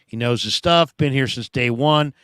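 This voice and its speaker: Clean studio sound with no room noise carries a medium-pitched, fairly bright, clean voice at normal speed. The man is casually hosting a football talk show, reading out fan messages with playful, chatty asides.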